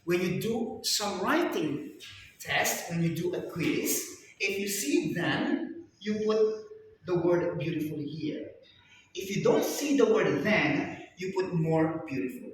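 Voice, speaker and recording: A man's voice: high-pitched, expressive, takes it slowly. Male teacher, strict classroom driller, captured far off in a very echoey room with faint background noise. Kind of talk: classroom grammar lesson. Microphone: camera at a distance.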